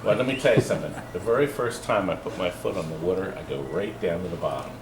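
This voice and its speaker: Filmed in his arcade game shop, the host of a pinball shop channel jokes casually on camera, teasing guests and staff with playful outbursts. His voice is deep and fast, with reverb and a noisy background.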